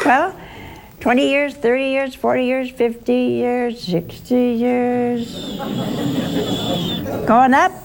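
A woman's voice: on the high side, flat delivery, slow, creaky, pauses often, a faint crowd, a little hiss or hum. An older woman teaching a Bible lesson, chatty and teasing, asking her listeners questions. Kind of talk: sermon-style Bible teaching.

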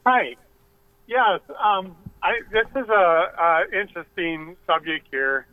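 A man calling into a radio show, telling his story haltingly with many pauses and fillers. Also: high-pitched, animated, no room sound, phone-quality sound. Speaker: caller.

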